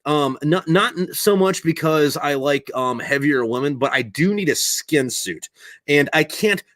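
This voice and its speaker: Man, podcast host, solo livestream chatter, profane rambling, bright edgy tone, dry close sound. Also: fairly high pitch, animated, unhurried, no room sound. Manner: rambling, heavily profane, swears constantly; gets loud and ranting when worked up. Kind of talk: casual livestream chat.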